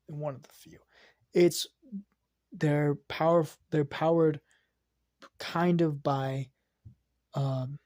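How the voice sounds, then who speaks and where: A man's voice: mid-range voice, warm tone, no echo, clean studio sound. A man casually making up a fan story as he goes, hesitant, restarting sentences and sometimes dropping to a whisper.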